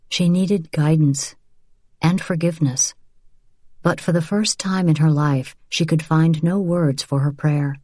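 A woman in measured, unhurried scripted audiobook narration. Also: sits low, mellow, no echo, studio quality.

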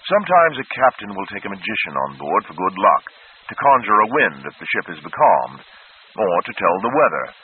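A man voicing a scheming aging male court magician, husky and falsely gentle, with a mocking edge. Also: lowish voice, very animated, normal speed. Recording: tinny phone-like sound.

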